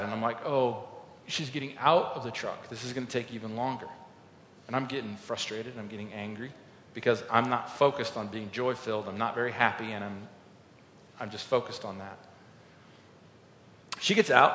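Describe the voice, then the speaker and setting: A man delivers a sermon in an earnest, storytelling way, rising to loud emphasis and sinking to quiet reflection. His mid-pitched voice rings through a large echoey hall. A faint rumble sits under the recording. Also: a little fast. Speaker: pastor.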